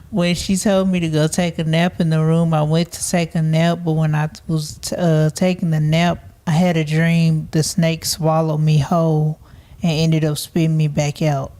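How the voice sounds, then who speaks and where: A young adult woman, a podcast guest, recalling past experiences slowly and matter-of-factly. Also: low-pitched, level tone, warm tone. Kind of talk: conversational recollection.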